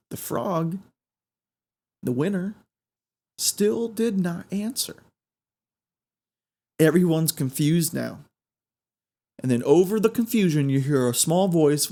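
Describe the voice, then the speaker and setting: A man hosting a podcast, telling a story in an animated way that builds suspense. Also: on the high side, slow pace, long pauses. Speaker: podcast host.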